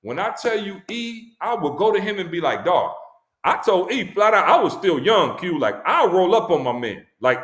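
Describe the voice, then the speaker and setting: This guest speaker at a launch stream is a man with a high-pitched voice talking at normal speed, with reverb around him. His story about a friend is heartfelt, emphatic and full of slang, and his pitch rises as excitement builds.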